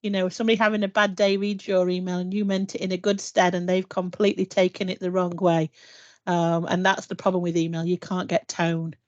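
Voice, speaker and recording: A woman's voice: fairly low pitch, little pitch movement, fairly quick, darkish tone, no room sound. A woman on a panel video call who explains a point patiently and repeats an example sentence with changing stress. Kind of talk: casual video-call discussion. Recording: dull lo-fi video-call audio.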